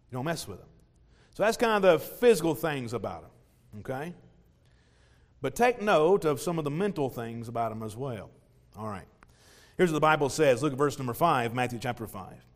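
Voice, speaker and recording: A pastor giving an emphatic sermon. He repeats phrases and swings between loud, stressed lines and quiet asides. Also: fairly high pitch. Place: church sanctuary. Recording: long hall reverb.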